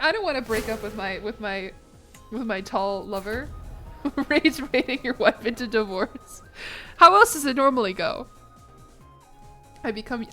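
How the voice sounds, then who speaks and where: A woman's voice: on the high side, a bit bright. A young American woman chatting casually while streaming a game, joking, self-mocking, and laughing often. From United States. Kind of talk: casual live-stream gaming commentary.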